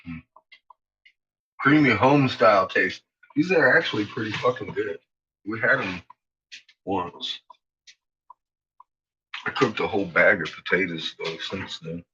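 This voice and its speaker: A man cooking at home in a casual vlog, swearing and rambling as he talks to his dogs, and his voice shoots up high and excited whenever he addresses them. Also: a little slow, pauses often. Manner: profane, rambling, jumps to a high excited voice when talking to the dogs. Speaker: home cook vlogger. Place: home kitchen. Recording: dull lo-fi sound with loud background noise.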